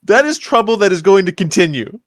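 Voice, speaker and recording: Podcast co-host, male, animated storyteller, dry booth sound. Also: high-pitched, fairly quick, no room sound. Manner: animated, acts out characters with jokey voices. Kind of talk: casual movie rewatch chat.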